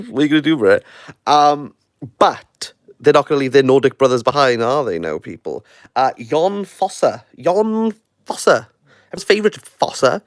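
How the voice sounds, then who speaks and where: A man's voice: medium pitch, expressive, normal speed, no echo, studio quality. A Welsh man reviewing books in a rambling, jokey, playfully sarcastic livestream chat into his phone. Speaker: book reviewer.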